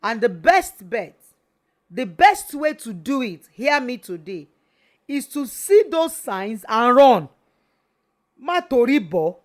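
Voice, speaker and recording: Brief: middle-aged Nigerian woman, radio host, preachy and emphatic, fairly high voice. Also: big pitch swings, a little slow. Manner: emphatic, switching between English and Yoruba, preachy. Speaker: radio talk show host and family therapist. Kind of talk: motivational talk on relationships.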